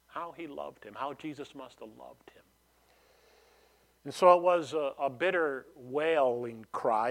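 A man's voice: a little high, a bit bright. A man preaching a sermon in a conversational way, often restarting phrases and adding "you know" as he explains a passage. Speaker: pastor.

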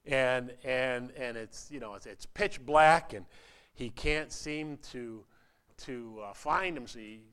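A male pastor preaching a sermon in a halting, repetitive way, with a story woven in. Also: mid-range voice, fairly bright tone, smooth.

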